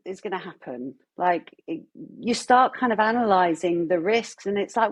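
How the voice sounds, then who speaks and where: A woman, telling her own story as an interview guest in an earnest, animated way. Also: medium pitch, normal speed, breathy edge. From London, England. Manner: earnest, animated storytelling with quoted self-talk. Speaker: guest artist. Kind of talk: candid interview chat.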